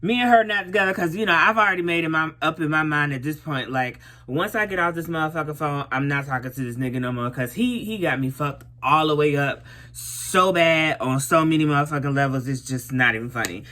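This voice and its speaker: Bright, blunt woman telling a storytime. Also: sits low, a little fast, hardly any pauses. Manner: blunt, profane, animated storytelling. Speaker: vlogger. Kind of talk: casual storytime while doing makeup.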